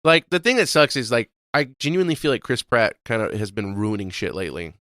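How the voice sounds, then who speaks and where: Young male co-host, rapid and smooth, opinionated casual chat, dry close mic. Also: medium pitch, animated, bright, forceful tone, dry recording. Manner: fast, profane, opinionated, asks questions. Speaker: podcast co-host.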